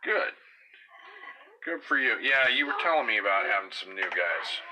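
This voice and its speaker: A man's voice: on the low side, big pitch swings, moderate pace, heavy background noise. A middle-aged man chatting casually on a home livestream, reading viewer comments aloud in a rambling way with many fillers and an occasional cough. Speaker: livestream host.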